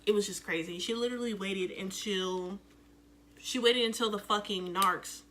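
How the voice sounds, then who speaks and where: A young woman telling a casual storytime, profane and animated, acting out the quotes loudly. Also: mid-range voice, moderate pace, noisy background. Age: young adult. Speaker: vlogger.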